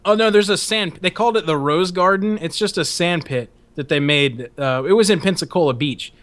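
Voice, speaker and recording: A man's voice: high-pitched, fairly quick, fairly bright tone. A young man hosting a podcast, telling a long rambling story in casual talk, swearing a lot and often laughing. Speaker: podcast host.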